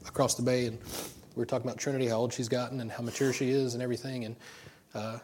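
A man's voice: mid-range voice, little pitch movement, quick pace, a little mellow, a little hiss or hum. A middle-aged man preaching an informal sermon, telling personal stories in a rambling way with many restarts. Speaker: pastor.

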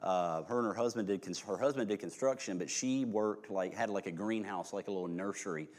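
A man's voice: on the low side, a little fast, darkish tone. A man preaching a sermon, reading scripture aloud with rising emphasis and breaking off into folksy, joking asides to his congregation.

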